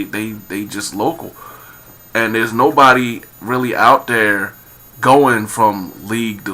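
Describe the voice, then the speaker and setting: Philly man, slowish, low-pitched, bright forceful tone, rambling vlog commentary with lots of fillers. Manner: rambling, repeats himself, many fillers, grows emphatic. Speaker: vlogger. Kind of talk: casual commentary monologue.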